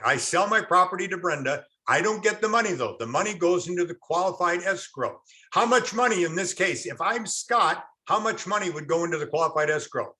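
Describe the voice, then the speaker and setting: This online real estate instructor has a fairly high, sharp-toned voice. He leans on storytelling, slips into acted asides quoting other people, and quizzes his class through chat.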